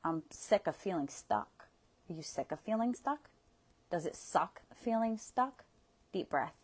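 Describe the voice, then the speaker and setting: A woman's voice: fairly low pitch, lively intonation, measured pace, a little mellow, breathy edge. A woman coach guiding listeners through a tapping session, speaking with soothing guidance and audible sighs between prompts.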